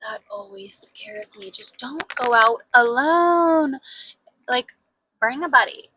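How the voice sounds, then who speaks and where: A woman's voice: sits high, expressive, takes it slowly, sharp tone, slightly rough, rough recording. A young woman co-hosting a podcast, telling a story in casual chat, full of "like" and swearing freely. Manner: chatty storyteller, heavy use of "like", swears freely. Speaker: podcast co-host.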